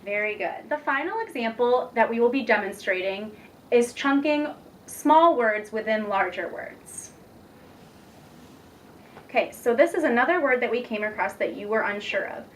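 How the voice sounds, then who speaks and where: A young woman teacher demonstrating a reading lesson, patient and encouraging, speaking slowly and clearly. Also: on the high side, lively intonation. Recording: distant mic with faint background noise.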